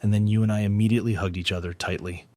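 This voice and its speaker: A man's voice: fairly low pitch, fairly even intonation, racing, dark tone, no room sound, lightly acted. A man voicing an earnest teenage boy in a storybook recap, pleading and eager to convince. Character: earnest anxious teenage boy, younger brother.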